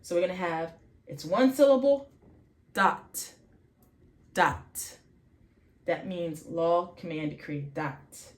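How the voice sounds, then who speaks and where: A woman teaching vocabulary in an informal lesson, slowly sounding out letters and repeating each word many times, often correcting herself. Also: lowish voice, animated, mellow, echoey room. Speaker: faith channel host teaching vocabulary.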